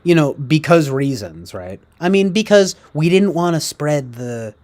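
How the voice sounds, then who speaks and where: A man's voice: a little high, big pitch swings, a little slow, a little mellow. A man ranting casually, rambling and profane, with heavy fillers. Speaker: streamer. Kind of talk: casual rant.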